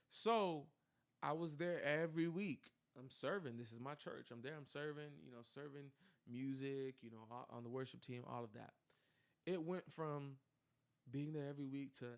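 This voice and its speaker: A young man telling a personal story in casual chat, animated and full of fillers, acting out quoted dialogue. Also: a little high, normal speed, clean tone. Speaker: podcast co-host telling his story.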